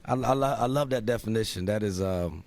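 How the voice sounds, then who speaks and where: Male podcast host, enthusiastic, animated, repeats himself, casual chat. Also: fairly low pitch, brisk, creaky.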